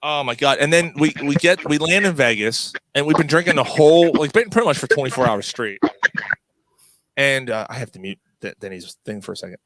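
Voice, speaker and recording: A man's voice: mid-range voice, animated, brisk, fairly bright tone. A man hosting a casual chat, telling a long story with many restarts and laughs. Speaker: podcast host.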